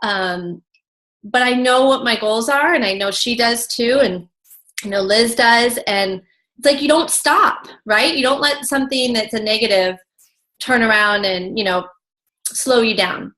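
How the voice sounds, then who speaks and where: A woman's voice: a little high, unhurried, fairly bright tone. A woman leading a motivational coaching call, talking in an emphatic, chatty way full of "like". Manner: emphatic, chatty, heavy use of "like".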